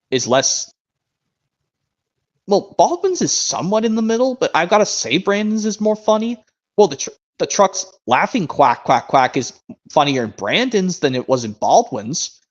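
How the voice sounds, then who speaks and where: A young man chats on a stream, circling back and restarting his thoughts as he goes. His pitch sits a little high and swings widely. The audio is muffled and lo-fi. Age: young adult. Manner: rambling, restarts sentences, reads narration aloud slowly. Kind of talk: casual chat.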